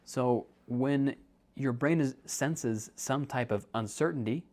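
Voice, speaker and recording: This young man, a podcast host and counselor, speaks slowly in a mid-range, slightly mellow voice. He keeps things chatty and jokey while explaining ideas, and he calls listeners dude.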